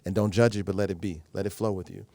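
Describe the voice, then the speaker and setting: A man in his thirties, an actor being interviewed, telling stories in a lively way and acting out what people said. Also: low voice, fast, gravelly. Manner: animated storyteller who acts out quoted exchanges. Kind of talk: casual interview chat.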